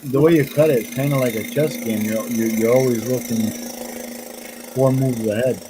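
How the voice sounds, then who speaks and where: A man's voice: mid-range voice, fairly even intonation, normal speed, noisy background. A man chatting casually and playfully, teasing with questions. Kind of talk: casual chat.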